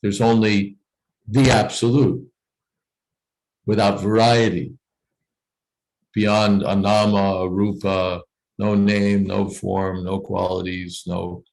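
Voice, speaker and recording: A man's voice: fairly low pitch, flat delivery, takes it slowly, creaky, long pauses, darkish tone, low-quality recording. A man leading a scripture reading class over a video call, explaining points thoughtfully with frequent "you know" asides.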